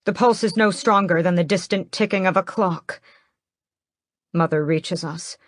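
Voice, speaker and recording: Slow, low-voiced woman narrating a story. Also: dry recording, clean studio sound. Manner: measured, steady storytelling. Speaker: audiobook narrator. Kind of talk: first-person fantasy audiobook narration.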